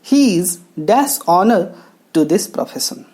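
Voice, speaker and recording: A woman teaching English grammar, talking slowly and explaining each step with pauses. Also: mid-range voice, animated, dark tone. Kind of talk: classroom lesson narration. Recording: faint background music.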